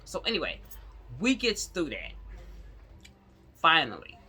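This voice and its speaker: A woman vlogger telling a personal story to her viewers in a casual, animated way, laughing often. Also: low-pitched, measured pace, slightly rough.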